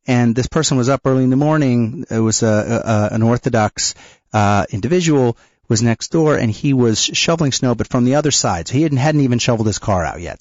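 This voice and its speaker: A man co-hosting a radio talk show, telling a personal story in a halting way, with restarts and nervous laughs. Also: mid-range voice, a little mellow, dry recording, highs cut off. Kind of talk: conversational storytelling.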